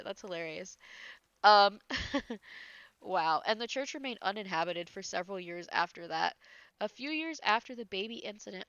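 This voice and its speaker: A woman's voice: medium pitch, fairly bright tone, no echo, lo-fi sound. A woman reading ghost stories aloud, often breaking into giggles and incredulous asides, her nose a little congested. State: slightly congested.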